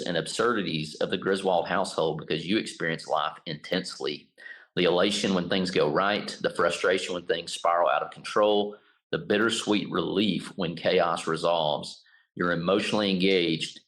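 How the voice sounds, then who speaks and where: Brief: middle-aged male podcast co-host, very low voice, reads listed points and jokes at his own stumbles. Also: fairly bright tone, poor audio. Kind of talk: casual chat, reading a list aloud.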